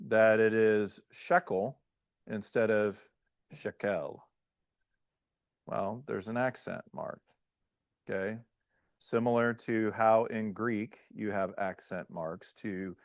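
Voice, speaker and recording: A man who is a pastor, teaching a class in a halting lecture style and often checking in with "right?" and "okay?". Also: lowish voice, clear, resonant tone, dry recording. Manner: halting, restarts mid-phrase.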